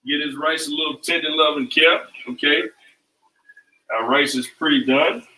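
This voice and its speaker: Male cooking host, slightly high, loose and repetitive, heard from a distance in a roomy kitchen. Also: steady tone, normal speed, pushed and bright. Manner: loose, repetitive, chanting phrases. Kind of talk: casual cooking demo. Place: home kitchen. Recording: echoey kitchen, mic at a distance.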